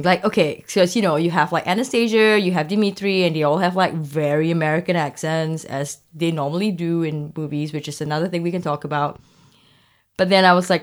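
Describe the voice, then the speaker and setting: A woman's voice: lowish voice, normal speed. A woman co-hosting a podcast in casual chat, talking freely with restarts, fillers and laughter. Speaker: podcast co-host.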